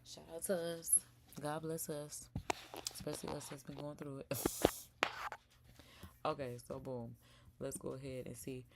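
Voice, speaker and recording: A young woman hosting a casual live stream from home, chatting to viewers as y'all and sometimes dropping to a soft whisper. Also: sits low, little pitch movement, unhurried, long pauses, heavy background noise. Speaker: live-stream react host. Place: indoors at home.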